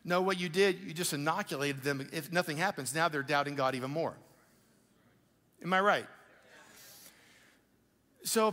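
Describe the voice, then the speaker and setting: A male pastor preaching a sermon in a conversational, animated way, with quick asides to the congregation. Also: a little high. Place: church auditorium. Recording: live church hall with long reverb.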